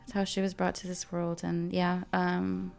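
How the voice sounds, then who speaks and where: A woman's voice: fairly low pitch, monotone, moderate pace, creaky, a little mellow. A woman in her twenties, a podcast guest, candidly telling an emotional personal story in casual, slangy talk. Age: 20s. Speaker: interview guest.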